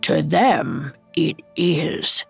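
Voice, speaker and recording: A woman reading a storybook, voicing a towering stern male Christmas spirit who speaks gravely and with reproach. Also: sits low, drawn-out words, soft background music, voice pushed down, exaggerated voice. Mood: solemn.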